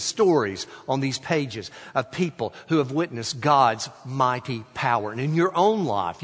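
A man preaching a sermon at a middle pitch, leaning slowly on key words and letting each phrase fade quietly. The sound carries a long reverb, as if in a large church hall. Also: breathy edge. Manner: slow, emphatic phrasing that trails off quietly at line ends. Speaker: pastor.

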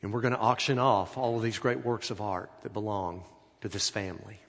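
A man voicing a calm, formal male auctioneer who announces in a measured way, in an echoey hall. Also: lowish voice.

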